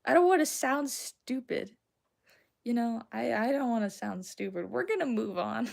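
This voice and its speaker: A woman's voice: on the high side, animated, normal speed, gravelly, darkish tone. A young woman with a Southern American accent, casually rambling and giggling as she chats with her livestream viewers. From Southern United States. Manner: rambling, giggly, self-deprecating. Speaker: streamer. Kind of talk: casual livestream chat, answering chat.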